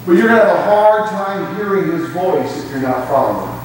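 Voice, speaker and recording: His voice sits high, and he's very animated and brisk as he preaches as pastor in a church sanctuary, with rising emphasis and quoted asides. Background noise is present, and the sound is far off and echoey in the church hall.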